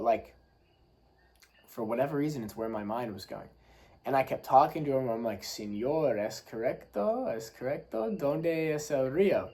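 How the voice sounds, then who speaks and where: A man's voice: mid-range voice, a little mellow, poor audio. Candid rambling man telling a story. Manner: candid and rambling, with many likes and ums. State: legs shaking a little, still has a fear response. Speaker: podcast host. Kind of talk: personal storytelling.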